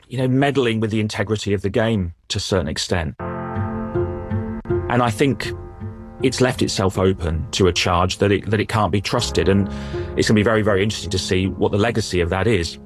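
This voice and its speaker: A man, a sports editor, giving measured, thoughtful answers in a news interview, often restarting his sentences. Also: on the low side, over music.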